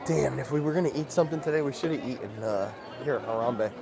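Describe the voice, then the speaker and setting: A man's voice: medium pitch, fast, gravelly. A man hosting a casual livestream as he walks around, easygoing and chatty, greeting viewers by name. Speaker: livestream host. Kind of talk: casual livestream chat while walking. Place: outdoors in a busy theme park. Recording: outdoor crowd noise.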